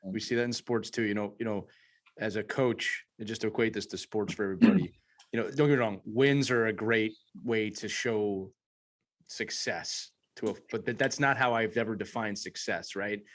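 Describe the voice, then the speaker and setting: A man's voice: on the low side, normal speed. A man hosting a podcast, chatting casually and tying points back to coaching sports. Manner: easygoing, relates points to sports, says "you know" a lot.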